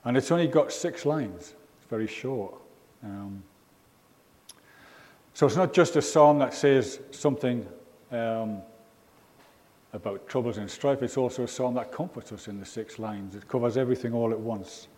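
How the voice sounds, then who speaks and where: A man's voice: mid-range voice, moderate pace, darkish tone. A man from England giving an informal, rambling sermon in a church, full of ums and asides. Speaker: preacher. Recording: reverberant church hall.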